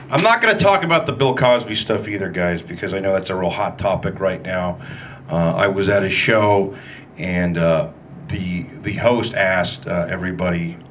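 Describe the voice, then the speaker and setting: A man's voice: low voice, fairly bright tone, a little hiss or hum. A man doing a live stand-up set at a comedy club, with a wry, self-deprecating, punchy delivery into a handheld mic.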